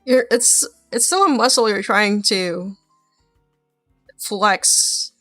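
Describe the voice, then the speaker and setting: A woman streamer who is not a native English speaker chats casually, musing in soft trailing asides. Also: medium pitch, takes it slowly, no echo, studio quality, faint music behind. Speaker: streamer reacting to videos. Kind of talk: casual chat.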